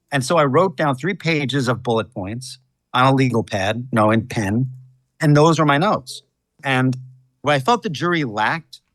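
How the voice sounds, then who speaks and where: A man's fairly high voice, close to the mic with a dry sound. He is a defense lawyer answering an interviewer and unfolds his case like a story. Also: fairly bright tone, no room sound. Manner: storytelling, measured.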